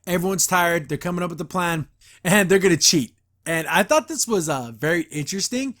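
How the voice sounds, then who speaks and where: A man's voice: sits high, lively intonation, fairly quick, fairly bright tone. A man hosting a podcast, giving a casual, rambling episode review full of enthusiasm and frequent laughs. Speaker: podcast host.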